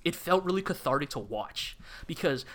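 Podcast guy, fired up, kinda high bright voice, keeps restarting mid-sentence. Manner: animated, impassioned, quick restarts. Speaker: podcast co-host. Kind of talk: casual chat reviewing anime.

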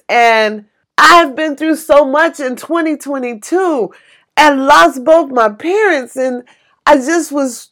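A woman casually telling a personal story with emotion, exclaiming and acting out what people said. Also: high voice. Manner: animated, exclaiming, acts out quoted voices; emotional, tearful retelling.

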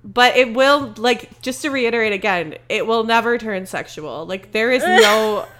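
A woman's voice: a little high, lively intonation, moderate pace, a bit bright. A young woman co-hosting a casual podcast, telling a story in a rambling way with many fillers. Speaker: podcast co-host. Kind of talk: casual chat.

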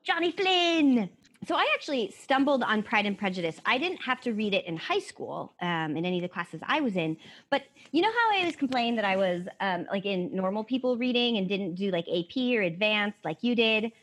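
A woman's voice: medium pitch, animated, fairly quick, a bit bright. A woman from Colorado co-hosting a casual book podcast, chatty and self-mocking, swearing freely. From Colorado, USA. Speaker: podcast co-host. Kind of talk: casual book-club chat.

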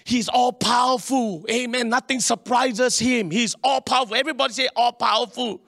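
A middle-aged pastor preaches with lively energy, often calling for an amen and slipping in local slang. His voice sits high and sounds bright and forceful. The recording is close and dry. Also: brisk, vocal fry, no echo, soft background music. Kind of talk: sermon.

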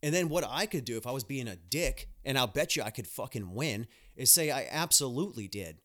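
A man's voice: mid-range voice, lively intonation, brisk, a bit bright. A young man, a nurse hosting a podcast, talking in a blunt, profane, ranting monologue with mocking asides. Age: young adult.

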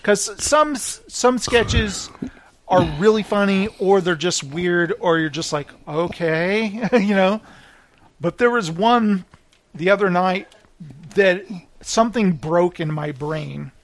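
Male podcast host, high voice, casual rambling storyteller. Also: slow, no echo. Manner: animated, rambling storyteller who laughs often. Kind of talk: casual chat.

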